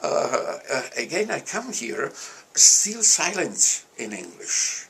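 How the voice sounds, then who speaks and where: Older Italian man with a gravelly voice. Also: fairly high pitch, sing-song, bright, forceful tone. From Italy. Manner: halting, restarts often, laughs at himself. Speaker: interviewee. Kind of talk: reminiscing interview.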